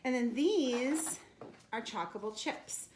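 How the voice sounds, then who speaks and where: A woman's voice: on the high side, takes it slowly. Bubbly woman unboxing crafts, echoey room. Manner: bubbly, excited. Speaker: craft vlogger. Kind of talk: casual product unboxing. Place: home craft studio. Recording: echoey room, faint noise.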